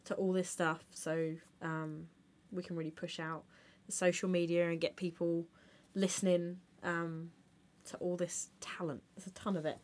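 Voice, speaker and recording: A woman's voice: fairly low pitch, level tone, moderate pace, a little mellow. A woman hosting a casual interview, mostly offering brief affirming replies. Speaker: podcast host.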